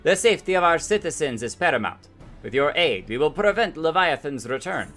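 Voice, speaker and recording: A man's voice: on the high side, big pitch swings, a little fast, a bit bright, soft background music. A man reading out an earnest woman garrison commander from a game, declaiming in a mock-formal tone. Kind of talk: reading game dialogue aloud.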